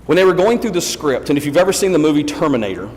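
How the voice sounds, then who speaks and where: Chatty preacher in a reverberant church. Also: male voice, a little high, sing-song, very fast, a little mellow. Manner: chatty, anecdotal, repeats himself. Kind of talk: storytelling sermon. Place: church sanctuary. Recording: long church hall reverb.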